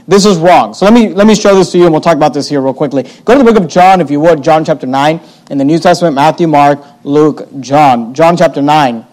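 Male preacher with a high voice, emphatic sermon delivery. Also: brisk, hardly any pauses, a little mellow, low-quality recording. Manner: emphatic, repeats points, reads old scripture aloud.

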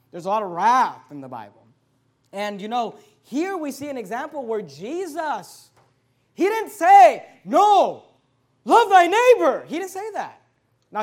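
A man preaching a sermon and reading scripture aloud, fervent and emphatic, dropping quiet and then rising loud. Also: very high-pitched.

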